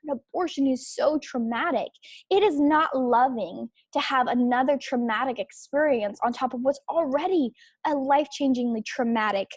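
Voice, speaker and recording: A woman's voice: a little high, breathy edge, no echo. Emphatic woman podcaster, dry close sound. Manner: emphatic, repetitive, with filler restarts. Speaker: podcast host. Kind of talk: opinion podcast monologue.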